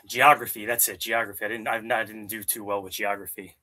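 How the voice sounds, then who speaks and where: A young man from Maryland with a bright, forceful tone talks loosely between sets. He rambles, swears freely and answers his chat as if among friends. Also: lowish voice, fairly quick. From Maryland, USA. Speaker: fitness vlogger. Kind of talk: casual chat with live chat during workout. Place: home gym.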